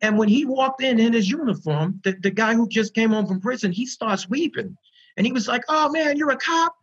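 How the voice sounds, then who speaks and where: Male panelist, high husky voice, earnest and animated, muffled video-call sound. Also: a little fast. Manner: earnest, animated storyteller who repeats words for emphasis. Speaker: founder of a prisoner reentry program. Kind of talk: storytelling in an online panel interview.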